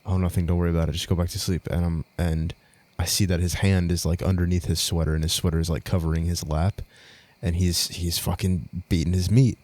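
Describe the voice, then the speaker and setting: A man's voice: low-pitched, flat delivery, fairly quick, darkish tone. A young man co-hosting a podcast, telling a story in casual chat, rambling, swearing a lot and laughing as he goes. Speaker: podcast co-host.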